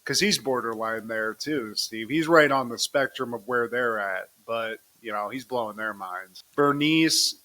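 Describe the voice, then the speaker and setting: A man's voice: medium pitch, measured pace, hardly any pauses, pushed and bright. A man co-hosting a podcast, recapping a cartoon episode in a casual, profane, joking way and keeping his co-host in the conversation.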